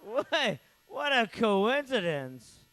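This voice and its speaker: A man hosting a comedy night, telling crude rambling stories and introducing the comics, jumping up in pitch for punchlines. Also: very animated, extremely slow, fairly bright tone, no room sound, low-quality recording. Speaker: comedy show host. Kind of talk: stand-up hosting.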